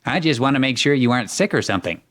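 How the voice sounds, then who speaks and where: Man voicing a caring fox team leader, worried, quick lines, comedic table read. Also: mid-range voice, animated, fairly bright tone, natural voice. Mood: concerned.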